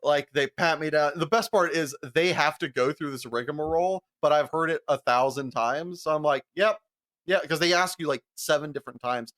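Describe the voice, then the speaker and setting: A young man spins a profane, animated story on a podcast, laughing as he goes. His voice sits a little higher than most men's. He jumps between tones with plenty of energy. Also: normal speed. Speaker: podcast co-host. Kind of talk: casual storytelling chat.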